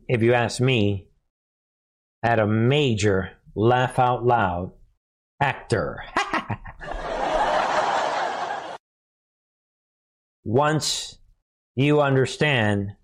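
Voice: mid-range voice, slow, pauses often. A commentary host who talks to viewers as folks, sarcastic and often laughing. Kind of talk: casual online commentary.

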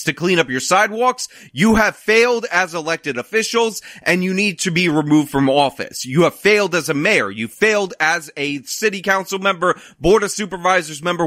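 A man's voice: sits high, pushed and bright, dry recording, clean studio sound. A man ranting sarcastically as he comments on news clips, mocking and worked up. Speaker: political commentator.

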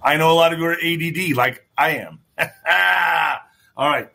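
A man's voice: on the high side, measured pace, creaky, sharp tone. A man hosting his own online show, talking in a rambling casual monologue, repeating phrases and swearing now and then. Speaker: show host.

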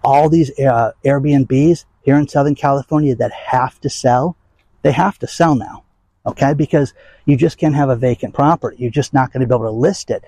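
A man's voice: medium pitch, moderate pace, dark tone, husky, dry recording, poor audio. An older man ranting bluntly and emphatically to his audience in a rambling vlog. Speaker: vlog host. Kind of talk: casual rant to camera.

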